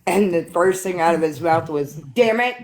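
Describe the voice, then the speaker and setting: A woman's voice: on the low side, steady tone, moderate pace, darkish tone. An older woman hosting a live stream, telling stories with laughter and swearing in a casual chat. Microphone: phone or computer for live stream.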